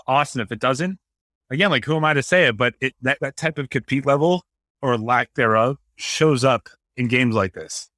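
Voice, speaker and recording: A man co-hosting a casual sports podcast, breaking down a game with steady analysis and lots of fillers. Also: medium pitch, dry recording, clean studio sound. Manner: measured analysis with many "like" and "right". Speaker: podcast co-host.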